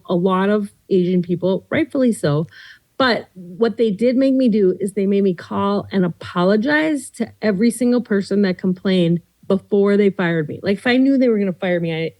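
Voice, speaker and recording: A woman comedian chatting on a podcast, telling animated stories and slipping into quoted voices. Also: mid-range voice, normal speed, low-quality recording. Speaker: comedian guest. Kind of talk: casual podcast chat.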